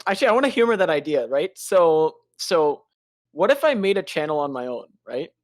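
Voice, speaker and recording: A young man co-hosts a podcast, teasing and rambling through casual banter. His voice sits a bit high and swings lively in pitch. The sound is close and dry. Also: a little fast, no room sound. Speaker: podcast co-host.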